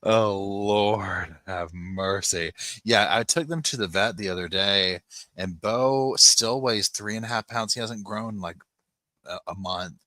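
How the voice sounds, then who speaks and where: A low-pitched man chats casually on a home livestream, often dropping into soft cooing as he fusses over his puppies. His voice is bright and forceful, and the sound is close and dry. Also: a little slow, no room sound. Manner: chatty, coos softly to his puppies. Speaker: livestream host.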